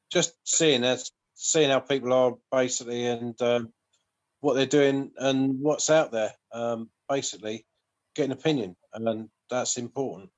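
A middle-aged man with an English Midlands accent, chatting casually and heaping praise on a friend. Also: medium pitch. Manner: warm, effusive praise, calls people mate. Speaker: guest. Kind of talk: casual chat.

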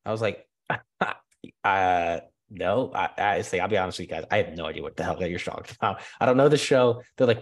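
A man's voice: deep voice, a little fast. A man in his thirties telling a story in a loose, chatty way, full of fillers and laughs. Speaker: guest. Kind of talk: casual storytelling.

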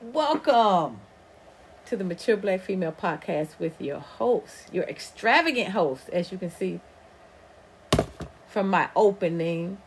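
A woman's voice: medium pitch, lively intonation, unhurried, slight background noise. A woman from the American South with an Atlanta drawl, hosting a casual livestream podcast in a profane, rambling way. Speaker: podcast host.

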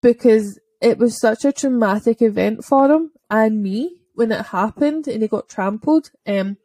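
A woman's voice: on the high side, measured pace, dark tone, dry recording. A woman telling a dog-walking story in a casual podcast chat, chatty and full of "like" fillers. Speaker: dog owner and podcast speaker.

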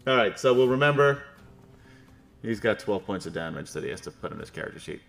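A man's voice: lowish voice, sing-song, fast, creaky, fairly bright tone, soft background music. A man acting as game master, narrating a tabletop game in a loose, thinking-aloud way.

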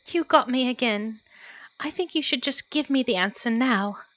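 A man voicing a lovestruck young female train engine in a breathy, swooning falsetto. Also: normal speed, a bit bright, no echo, muffled recording.

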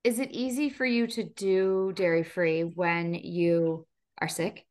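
A woman's voice: fairly low pitch, fairly even intonation, takes it slowly, darkish tone. A woman wellness coach co-hosting a podcast, chatting in a playful, reassuring, talkative way. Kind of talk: casual podcast chat.

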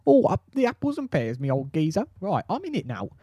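A man voicing a gruff male sewer chief in a put-on Cockney accent, full of slang, in an improvised comedy sketch. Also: high voice, huge pitch swings, a little fast, dark tone, dry recording, highs cut off, full character voice. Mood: blustering. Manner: slangy, blustering.

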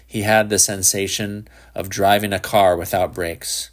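A man narrating a literary story with a lowish voice and a slow, deliberate pace. His delivery stays measured and even throughout. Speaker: audiobook narrator.

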